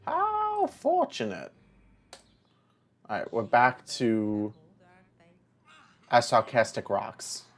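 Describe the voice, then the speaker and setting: A man's voice: lowish voice, steady tone, slow pace, long pauses. A young man in casual gameplay commentary, telling rambling stories while chatting to the characters on screen. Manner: rambling storyteller, chats to the game characters. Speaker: let's play host.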